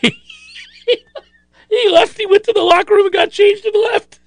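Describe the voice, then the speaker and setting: A man's voice: very high-pitched, measured pace, vocal fry, slight background noise. A man hosting a sports talk radio show, chatting casually and acting out other people's lines.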